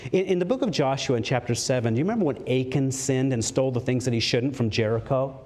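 A man preaching a sermon, earnest, slowing down to stress key words and climbing in pitch when stirred, with light jokes slipped in. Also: darkish tone. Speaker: pastor.

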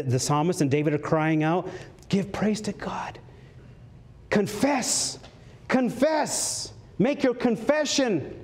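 A man preaching a sermon, earnest, slowing down to stress key words and climbing in pitch when stirred, with light jokes slipped in. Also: darkish tone. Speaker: pastor.

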